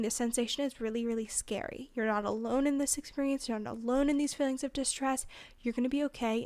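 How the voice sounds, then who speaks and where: A teenage woman hosting a solo advice podcast, talking earnestly and reassuringly in quick, list-like runs. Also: fairly high pitch, no room sound. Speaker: podcast host.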